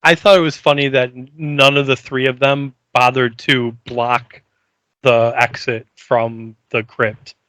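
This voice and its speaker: A man co-hosting a podcast, talking casually about a TV episode, measured, with frequent fillers. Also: mid-range voice, little pitch movement, pushed and bright, smooth, no room sound. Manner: measured, repeats "like" and "the amount of". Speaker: podcast co-host.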